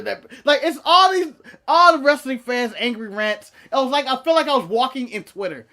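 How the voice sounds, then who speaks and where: A high-voiced man telling a story on a casual podcast. He is animated and profane and laughs often. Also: a little fast. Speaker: podcast co-host.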